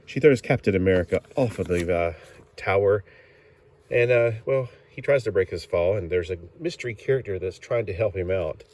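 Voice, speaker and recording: A man with a low, slightly mellow voice rambles casually through an old comic book at normal speed. He pauses often with fillers and corrects himself along the way.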